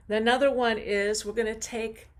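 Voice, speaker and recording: Slow-talking woman voice coach. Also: mid-range voice. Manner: slow, encouraging coaching with sung demonstrations. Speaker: voice teacher. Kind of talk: online vocal warm-up lesson. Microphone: video call.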